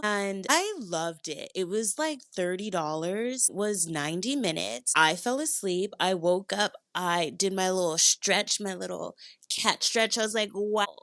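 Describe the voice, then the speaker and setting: A woman hosting a podcast in a casual, chatty monologue from a hotel bedroom, playful and upbeat with sudden leaps in pitch. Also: a bit bright, dry recording, clean studio sound. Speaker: podcast host.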